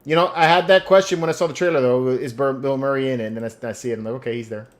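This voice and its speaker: A man's voice: medium pitch, fairly even intonation, rapid-fire. A man hosting a live collectibles show, easygoing and casual, reading viewer comments and running through product releases. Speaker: host. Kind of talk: casual live-stream chat.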